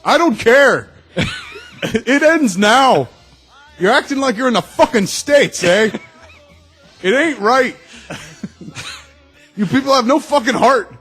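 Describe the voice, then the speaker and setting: A man voicing a righteous, indignant Canadian man who scolds loudly and tacks "eh" onto his lines. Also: very high voice, animated, takes it slowly, long pauses, slightly rough, soft background music, pitched above the performer's own voice, heavily acted. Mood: outraged. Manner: shouting, tacks on "eh".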